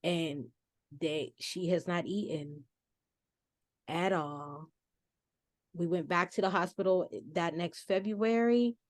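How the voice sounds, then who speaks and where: A woman in her forties speaking as a podcast guest, telling a family story in a casual, expressive way with frequent restarts and self-corrections. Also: on the low side, takes it slowly, long pauses, no echo, clean studio sound.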